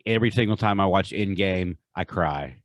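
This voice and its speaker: A man's voice: low voice, moderate pace, no echo. A man co-hosting a podcast, talking earnestly with frequent hesitations. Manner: earnest, hesitant with many uhs. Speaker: podcast co-host. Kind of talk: casual podcast chat.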